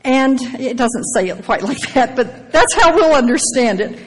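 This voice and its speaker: A woman preaching, her voice sitting a little high for a woman. She moves between reading scripture aloud and breaking in with emphatic asides. A long reverb trails her words through the hall. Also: lively intonation, normal speed, slightly rough.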